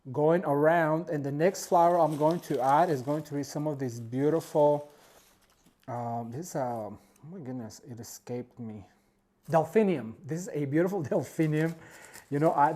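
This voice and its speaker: A man walks viewers through arranging flowers in a relaxed, chatty tutorial. His voice is mellow and soft-edged, and he sounds openly delighted with his work as he talks to "you guys" at home. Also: on the high side. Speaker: floral design instructor. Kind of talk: casual step-by-step tutorial.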